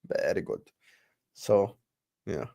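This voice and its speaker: A man's voice: deep voice, big pitch swings, slow, creaky, mellow, no room sound, studio quality. A man hosting a casual football livestream, chatting with viewers and slipping in Arabic phrases. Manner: chatty, talks to the chat, switches into Arabic phrases. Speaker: football stream host.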